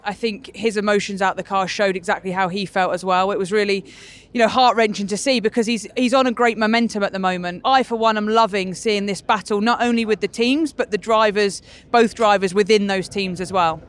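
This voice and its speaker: A woman presenter chatting outdoors in a racing paddock, enthusiastic and animated as she tells a story. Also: medium pitch, brisk. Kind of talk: casual trackside chat.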